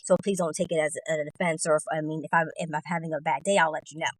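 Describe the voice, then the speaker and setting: Even-toned woman guest, low-ish voice. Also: fast, no echo, rough recording. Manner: even, monotone delivery. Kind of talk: casual discussion.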